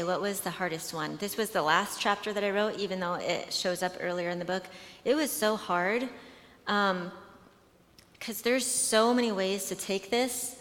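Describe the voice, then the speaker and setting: A woman's voice: mid-range voice, fairly bright tone. A woman speaking at a conference in a chatty, conversational way, with many fillers and restarts as she tells stories. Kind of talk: conversational talk with storytelling. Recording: long hall reverb.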